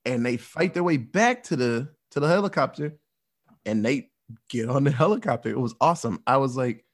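A man casually recapping a movie plot, animated and profane, acting out the characters' lines as he goes. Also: medium pitch, a little fast.

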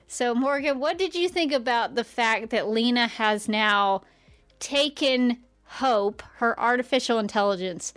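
A woman hosting a casual fan podcast, lively and asking the questions. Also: fairly high pitch, a little slow, no echo. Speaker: podcast host.

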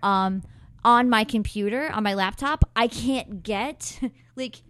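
A woman talks casually as a podcast guest, bubbly and quick to gush, scattering ums and likes as she explains things. Her pitch sits mid-range for a woman. The recording is dry and close, with no room sound. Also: fairly bright tone, clear, resonant tone, no room sound. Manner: bubbly, gushing, lots of fillers.

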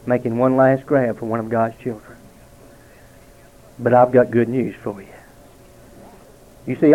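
A man in his forties preaching a dramatic testimony sermon, slowing and dropping almost to a hush for emphasis. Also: mid-range voice. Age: 40s. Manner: dramatic, slows and drops to near quiet for emphasis. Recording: tinny phone-like sound.

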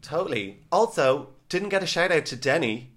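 A man's voice: fairly high pitch, animated, fairly bright tone. A man co-hosting a podcast, chatting casually and gossiping about a reality show. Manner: chatty, gossipy, quick asides. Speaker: podcast co-host. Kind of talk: casual chat.

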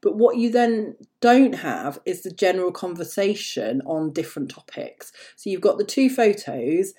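A woman's voice: lowish voice, animated, moderate pace, dark tone. A woman in her thirties hosting a podcast on her own, talking casually in a chatty, rambling way with many asides. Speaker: podcast host. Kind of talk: casual solo podcast talk.

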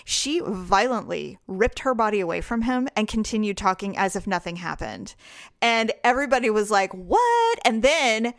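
Chatty woman with a smooth clear voice. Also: medium pitch, no room sound, studio quality. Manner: chatty, animated storytelling with quick asides. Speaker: podcast co-host. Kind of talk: casual chat.

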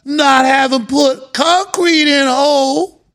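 A man's voice: very high-pitched, fairly even intonation, slow, a bit bright, voice pushed up, heavily acted. A man voicing a greedy male oil executive with a put-on Cajun drawl and broken grammar. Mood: smug.

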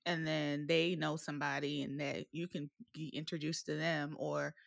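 A woman with a gravelly, somewhat low voice co-hosts a podcast. She chats in a relaxed way and laughs easily. The sound is dry and close. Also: normal speed, no echo. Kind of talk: casual podcast chat.

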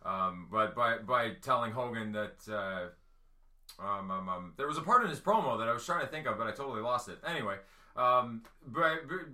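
Excitable podcast host, halting delivery. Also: male voice, mid-range voice. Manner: halting, many fillers, excitable. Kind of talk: casual chat.

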